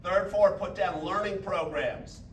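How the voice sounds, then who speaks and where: A man in his fifties giving an energetic, folksy motivational talk to a business audience, leading them in call-and-response. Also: high voice, measured pace, slight background noise. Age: 50s. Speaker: business speaker. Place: large echoey meeting room. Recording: echoey room recorded from far off.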